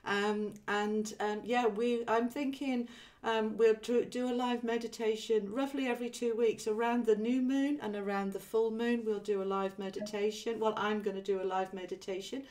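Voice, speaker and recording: Speaking at normal speed in a slightly high voice, this woman runs a spiritual livestream far from the mic, chatting easily, filling gaps with frequent ums, and reading out viewers' comments.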